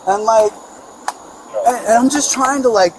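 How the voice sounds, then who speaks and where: A man outdoors at night, telling police about an assault in an agitated, rapid way. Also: very high voice, over a noisy crowd. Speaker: neighbor reporting an assault. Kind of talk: recounting an incident to police. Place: residential street outdoors at night. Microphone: police body camera. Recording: noisy outdoor body cam audio.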